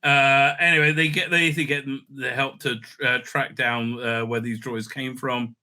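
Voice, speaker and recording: A male host rambles through a sardonic recap of an episode, mocking as he goes and stumbling over fillers and restarts. He has a medium-pitched, sharp voice with fairly even intonation, at a moderate pace.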